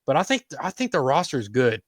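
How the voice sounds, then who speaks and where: A man's voice: medium pitch, very animated, fast talker, dry recording. A man co-hosting a casual sports talk show, rambling through his basketball takes in a laid-back way. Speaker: podcast co-host.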